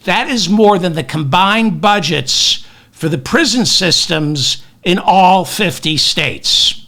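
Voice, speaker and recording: A man's voice: sits high, expressive, takes it slowly, creaky, pushed and bright. A man hosting a comedic news podcast, ranting with sarcastic, self-deprecating asides. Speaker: podcast host.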